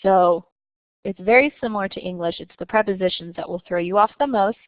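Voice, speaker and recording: A woman teacher explaining a lesson patiently and clearly, slowing down to stress each example. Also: mid-range voice, no room sound, narrow, tinny audio. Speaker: French teacher. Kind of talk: recorded lesson narration.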